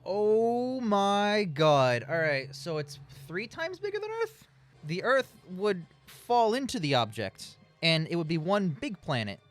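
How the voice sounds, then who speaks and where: A man's voice: a little high, huge pitch swings, moderate pace, fairly bright tone, soft background music. A man co-hosting a casual film review, sarcastic and nitpicking, swearing freely. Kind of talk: casual riffing commentary.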